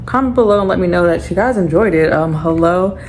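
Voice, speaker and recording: A woman's voice: on the low side, a little fast, a little mellow, a little hiss or hum. A young adult woman vlogging at home in a loose, chatty way with lots of fillers. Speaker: lifestyle vlogger. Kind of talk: casual chat to camera.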